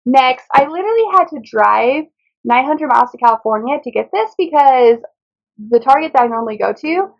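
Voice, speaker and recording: A woman's voice: a little high, creaky, dull audio. A woman chatting casually through a book haul in a rambling way, often tripping over titles and author names. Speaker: book vlogger.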